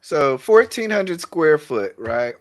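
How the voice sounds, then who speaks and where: High, animated male commentator. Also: slow pace. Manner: emphatic, repeats words to drive points home. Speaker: commentary host. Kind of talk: casual commentary on a played clip.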